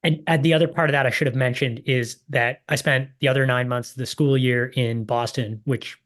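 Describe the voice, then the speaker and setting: A man's voice: medium pitch, steady tone, brisk, a bit bright. A man hosting a podcast, asking questions in a thoughtful, hesitant way and often repeating words as he thinks. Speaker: podcast host, ghostwriter. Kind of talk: casual interview conversation.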